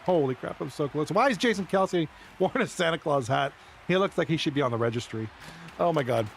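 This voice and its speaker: A man chatting casually on a live stream, rambling and excitable as he talks with viewers. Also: on the high side, fast talker, gravelly, a little hiss or hum. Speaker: live streamer and league commentator.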